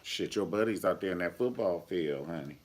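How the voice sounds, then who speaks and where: Man, deep voice, animated, sassy, profane, TV recap vlog. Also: moderate pace. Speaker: TV show reviewer. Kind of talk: casual review vlog.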